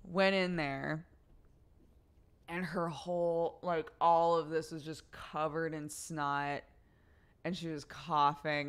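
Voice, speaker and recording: Smooth-voiced young woman chatting casually. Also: low-pitched, a little slow. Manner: chatty storytelling, swears freely. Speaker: livestreamer. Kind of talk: casual chat to a live audience.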